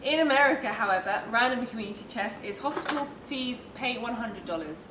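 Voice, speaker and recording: A woman's voice: fairly high pitch, animated, a little fast. A woman co-hosting a casual unboxing chat, chatty and playful. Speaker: co-host. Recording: echoey room, mic at a distance, noisy.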